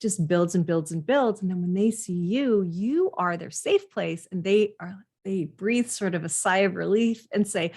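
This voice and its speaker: A woman's voice: mid-range voice, animated, measured pace. Earnest woman coaching parents. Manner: earnest, speaks straight to the listener. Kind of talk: direct advice talk to parents.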